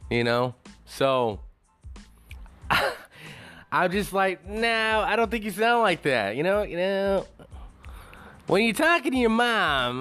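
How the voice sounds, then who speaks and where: Rambling, animated man ranting casually. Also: medium pitch. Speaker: show host. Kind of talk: casual solo commentary.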